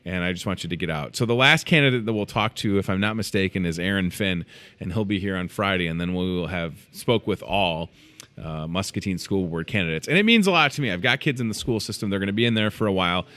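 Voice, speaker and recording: A man in his thirties hosting a live morning show from inside a grocery store, chatty and excitable with joking asides. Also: sits low, fast. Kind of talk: casual live show chat.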